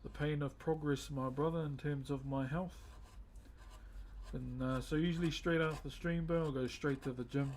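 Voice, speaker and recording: A man's voice: fairly high pitch, steady tone, normal speed, a little mellow, slight background noise. A man who carves wood on a live stream, chatting in a laid-back way and calling viewers "bro". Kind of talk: casual live-stream chat.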